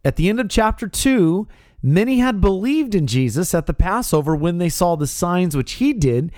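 A man's voice: high-pitched, very animated, moderate pace, darkish tone, no echo, studio quality. A man preaching a radio sermon as pastor, emphatic and building to stressed points. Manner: emphatic, rising to stressed peaks.

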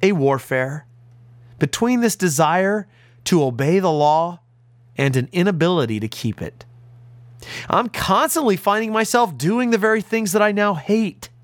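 Earnest man preaching with soaring pitch. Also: expressive, a little slow, no room sound. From United States. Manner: earnest, emphatic preaching with big pitch swings. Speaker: pastor. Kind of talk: radio sermon.

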